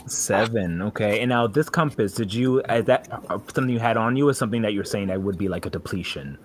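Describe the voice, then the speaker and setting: A man working as game master, explaining rules and describing scenes in a relaxed way. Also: on the low side, fast, slight background noise. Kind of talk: running a tabletop game.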